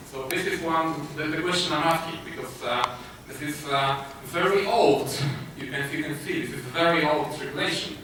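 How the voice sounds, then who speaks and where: Polish guy giving a conference talk, lots of uhs, far from the mic, big echo. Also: on the high side. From Poland. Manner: hesitant, many filler sounds and restarts. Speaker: conference speaker. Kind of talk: conference presentation. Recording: echoey hall, distant mic, noisy.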